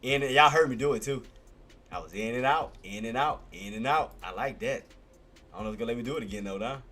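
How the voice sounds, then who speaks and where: A man giving live trading commentary on his stream. He talks excitably, repeats himself often, and swears. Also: medium pitch, quick pace, a little hiss or hum. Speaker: day-trading livestreamer.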